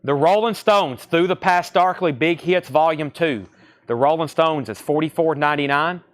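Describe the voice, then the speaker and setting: A man with a Southern accent hosting a live record sale, listing titles and repeating prices in quick sales patter. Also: a little high. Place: record shop surrounded by crates.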